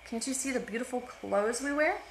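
A woman doing shrill, proud, cruel older sisters. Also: brisk, a little hiss or hum, close to an everyday voice. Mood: haughty. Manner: shrill, boastful and stammering when caught. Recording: roomy echo.

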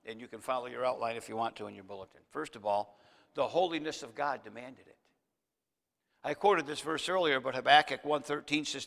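A man's voice: medium pitch, vocal fry, bright, forceful tone. A man preaching a sermon as pastor, speaking straight to his congregation and building to emphatic peaks. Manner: preaching with rising emphasis, addressing the congregation directly. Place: church sanctuary. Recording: long church reverb.

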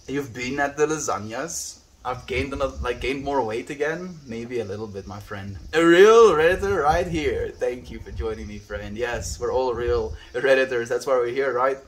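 On a windy day outdoors, a South African livestreamer with Afrikaans as his first language reads his live chat aloud in a laid-back manner, calling everyone his friend. He has a mid-range, slightly bright voice, and the audio carries a little hiss or hum.

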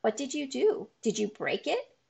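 A woman reading a children's novel aloud, voicing a gruff, stingy middle-aged man who barks insults when he is annoyed. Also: medium pitch, lively intonation, unhurried. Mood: angry, barking.

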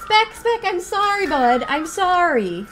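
A woman streaming a fighting game, exclaiming and chatting warmly with her viewers and her cat. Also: very high voice, sing-song, slow, background noise. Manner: squealing and exclaiming while playing, chatting to viewers. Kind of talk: excited live-stream commentary.

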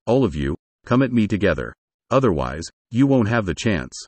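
Icy arrogant young fighter, dry low husky voice , a man reading it. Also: very animated, moderate pace, no echo. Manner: icy, domineering. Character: cold, arrogant young male expert fighter.

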